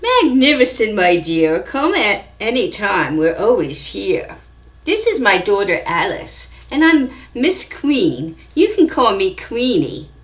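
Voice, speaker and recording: A woman voicing a loud older shopkeeper dressed as a queen, speaking in a grand, old-fashioned manner. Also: mid-range voice, big pitch swings, slow.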